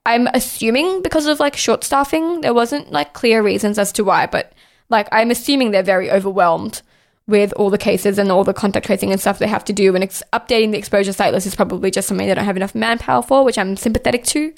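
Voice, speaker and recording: Fast-talking exasperated young woman. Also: medium pitch. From Australia. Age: young adult. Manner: exasperated, heavy swearing, lots of "like". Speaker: podcast host. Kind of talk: casual ranting monologue.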